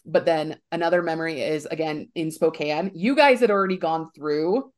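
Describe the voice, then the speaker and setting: A woman sharing a fan story in casual chat, animated and often laughing as she acts out what people said. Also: deep voice, moderate pace.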